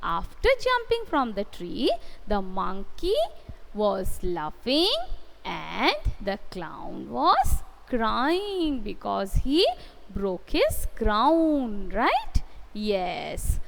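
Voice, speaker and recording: A woman with an Indian English accent teaching a kindergarten English class live online, dictating slowly, spelling words letter by letter and praising her pupils. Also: medium pitch, huge pitch swings, gravelly, fairly bright tone, long reverb tail, slight background noise. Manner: slow, sing-song dictation, stretching words and spelling letters aloud.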